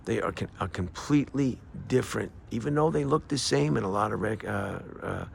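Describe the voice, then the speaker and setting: An older man talking in a casual, rambling monologue outdoors, halting often with fillers and restarts. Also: on the low side, animated, gravelly, a little hiss or hum. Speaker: vlogger.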